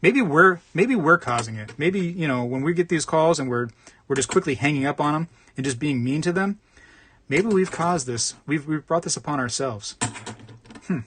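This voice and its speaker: Man, livestream host, casual rambling chat, slightly high voice. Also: lively intonation, moderate pace, fairly bright tone, a little hiss or hum. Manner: rambling, chatty, reads out chat.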